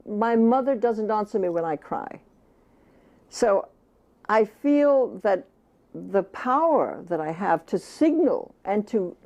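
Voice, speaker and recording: A woman's voice: on the high side, warm tone, dull audio. An older woman, an author, giving impassioned, emphatic interview answers and at times speaking as if she were the baby. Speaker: author interviewed about child care.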